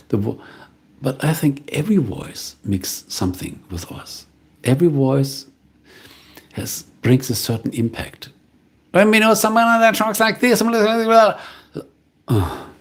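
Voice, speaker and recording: A middle-aged man, a voiceover artist, talks through viewer comments in a calm, musing, casual live-stream chat. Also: medium pitch, slightly rough. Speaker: voiceover artist hosting a livestream.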